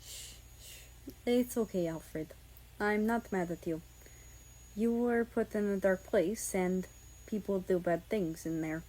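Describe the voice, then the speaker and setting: A woman reading aloud, voicing a gentle, protective young man who hushes and reassures his partner in a soft voice. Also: on the low side, normal speed, close to an everyday voice, rough recording. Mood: soothing. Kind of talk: fan fiction audiobook reading.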